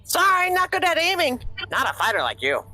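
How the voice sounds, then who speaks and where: A player voicing a timid, panicky inventor character in a tabletop game, with a lively swooping voice. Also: very high voice, brisk, faint music behind, pitched above the performer's own voice, exaggerated voice. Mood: apologetic. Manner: panicky yelps, apologetic.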